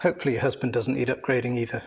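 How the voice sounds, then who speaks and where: A man's voice: mid-range voice, flat delivery, very fast, gravelly, breathy edge. A man co-hosting a casual live stream, teasing dryly and reading out viewers' names. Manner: dry, teasing, reads out names. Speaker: co-host.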